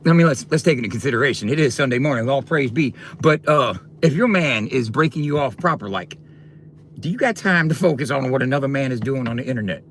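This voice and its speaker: A man's voice: medium pitch, expressive, fast talker, a little hiss or hum. A man ranting on a livestream, taunting and confronting his viewers directly in a coarse, profane way.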